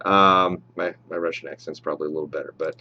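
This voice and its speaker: A man's voice: deep voice, fairly even intonation, fast, dull audio. Chatty man hosting a live stream. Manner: reads viewer names and approves shout-outs, chatty with fillers. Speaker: live show host. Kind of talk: casual live stream chat.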